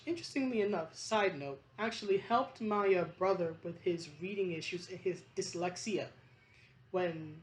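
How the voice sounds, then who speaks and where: A woman's voice: mid-range voice, a little mellow. A woman vlogger talking in a rambling, passionate monologue, emphatic and choked up, with restarts and fillers.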